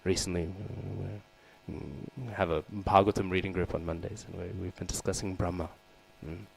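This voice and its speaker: A man with a low, creaky voice and little pitch movement speaks at normal speed in a low-quality recording. Giving a sermon for a scripture class, he tells a devotional story, acts out its figures, and asks listeners questions, often tacking on "right?" and "hmm?"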